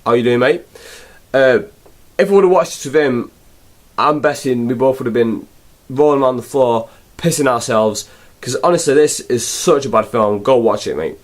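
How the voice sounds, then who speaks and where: A man's voice: medium pitch, normal speed. A young man reviewing a film in a rambling, sarcastic, casual way. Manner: rambling, sarcastic, full of fillers.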